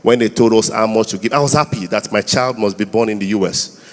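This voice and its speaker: A Nigerian man in his thirties telling comic stories live, urging the crowd to clap and shout. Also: fairly low pitch, quick pace, soft background music. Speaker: comedian. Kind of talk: live stand-up storytelling. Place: church hall. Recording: reverberant hall with faint noise.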